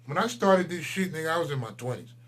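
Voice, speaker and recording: A man in his forties, a channel host, delivering a profane, heated ranting monologue that swings between loud outbursts and low mutters. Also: lively intonation, fast talker. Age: 40s.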